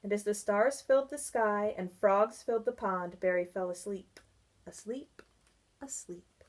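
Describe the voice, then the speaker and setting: A woman reading a children's picture book aloud, softly and expressively, with sing-song sound effects. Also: mid-range voice, moderate pace. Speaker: children's reader.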